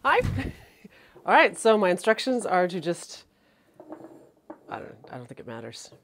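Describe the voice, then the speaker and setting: A woman's voice: fairly low pitch, very animated, moderate pace, fairly bright tone, a little hiss or hum. A woman joining a blind tasting, chatting casually and laughing easily. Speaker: co-host tasting partner.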